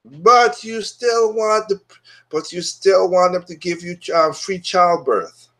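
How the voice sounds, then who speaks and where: A man's voice: high voice, measured pace, a bit bright. A man hosting his own opinion show, talking bluntly and dismissively in a casual monologue that is full of restarts.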